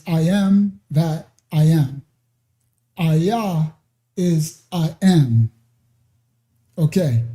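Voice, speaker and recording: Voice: medium pitch, warm tone. A ministry teacher giving an informal scripture lesson, explaining step by step and checking in with "right?" and "okay?" as he goes off on side paths. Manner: digressive, with many fillers and restarts.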